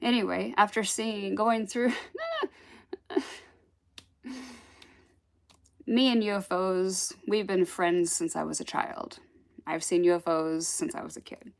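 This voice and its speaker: A woman telling a personal spiritual story in a casual, animated way, acting out the voices she quotes and laughing often. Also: medium pitch, takes it slowly, vocal fry, pauses often.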